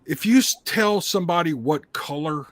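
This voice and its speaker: A man's voice: a little high, expressive, moderate pace, fairly bright tone, dry recording. A man chatting bluntly as a podcast guest, laughing often. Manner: blunt, laughing, plain-spoken. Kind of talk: casual podcast chat.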